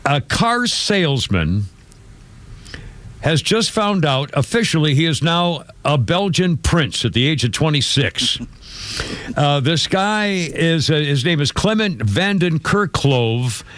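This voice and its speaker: A man hosting a talk radio show, animated and full of fillers and restarts. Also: fairly high pitch, takes it slowly.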